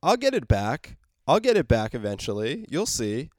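A man's voice: mid-range voice, wildly swooping pitch, moderate pace, darkish tone, dry recording. A man voicing a smug, mock-friendly male villain from a comic book, in a cocky, drawling way.

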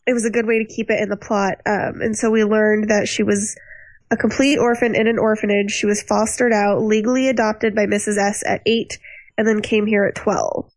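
A woman hosting a casual discussion of a TV show, chatty and animated as she tells stories. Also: medium pitch, moderate pace, dry recording, rough recording. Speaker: podcast host.

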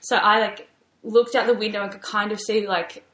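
A woman's voice: mid-range voice, level tone, normal speed, a bit bright. A young woman with an Australian accent, co-hosting a podcast and telling a story in a chatty way full of "like". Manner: chatty storytelling, heavy use of "like". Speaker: podcast co-host. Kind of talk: casual chat. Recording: roomy echo.

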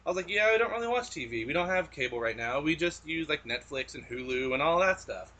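Brief: casual podcast co-host, man, bright and slightly high voice, rambling storyteller. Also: expressive, quick pace. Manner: rambling storyteller with frequent restarts. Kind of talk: casual chat.

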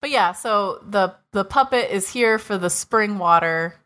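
A woman's voice: medium pitch, measured pace, a bit bright. A woman co-hosting a casual podcast, recapping episodes and skeptically picking apart plot holes. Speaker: podcast co-host.

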